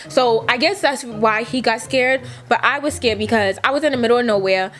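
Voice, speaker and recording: Young woman, storytime vlog, chatty, cursing, acts out quotes, high-ish voice. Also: a little fast, hardly any pauses, a bit bright. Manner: chatty, profane, fillers like "like" everywhere; acts out quotes with big jumps in pitch. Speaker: vlogger. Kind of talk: casual storytime.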